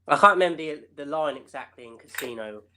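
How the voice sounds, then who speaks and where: A man's voice: on the high side, animated, fast, bright, forceful tone. A British man co-hosting a casual film review chat, searching for words and leaning on "like" and "um". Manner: hesitant, filler-heavy, lots of "like". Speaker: film podcast co-host.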